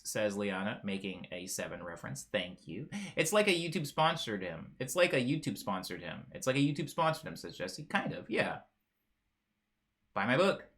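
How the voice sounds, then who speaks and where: Speaking in a lowish voice with a sharp tone, a young man hosts a livestream and chats casually. He rambles playfully through viewer comments, laughing a lot and frequently mangling names.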